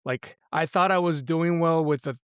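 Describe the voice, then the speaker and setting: A man's voice: on the high side, moderate pace, clear, resonant tone, no room sound, studio quality. A man in his forties, a podcast guest talking earnestly and casually about raising daughters, with lots of "like" and "right?". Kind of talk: casual conversation.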